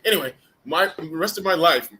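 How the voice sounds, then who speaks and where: A middle-aged man hosts a live chat, spinning a story with lots of restarts and swearing. His voice sits a little high and swings up and down a lot. The tone is bright and forward. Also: brisk. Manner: animated anecdote with restarts and swearing. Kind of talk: casual storytelling.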